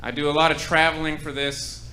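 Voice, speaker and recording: Bright-voiced young male stand-up comic. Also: fairly high pitch, fairly quick. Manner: dry deadpan setups with ironic punchlines. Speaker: stand-up comedian. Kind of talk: stand-up set. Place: comedy club stage.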